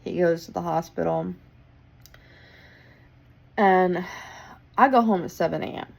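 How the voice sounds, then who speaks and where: Gravelly, tired young woman telling a story. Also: on the low side, unhurried. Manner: blunt, swears freely, tired and wry. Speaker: hotel worker. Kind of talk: casual storytelling vlog.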